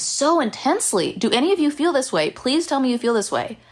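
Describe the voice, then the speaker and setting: A woman's voice: on the high side, big pitch swings, brisk, few pauses, slightly rough. Young woman podcast host, solo rant, irritable and self-mocking, swears a lot. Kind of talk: casual solo podcast monologue. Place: hotel room.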